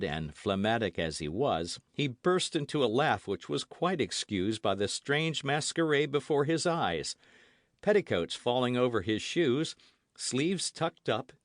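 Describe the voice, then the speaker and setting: A man's voice: mid-range voice, very animated, measured pace, no room sound, studio quality. A man narrating a classic novel as an audiobook, reading expressively. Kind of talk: scripted narration.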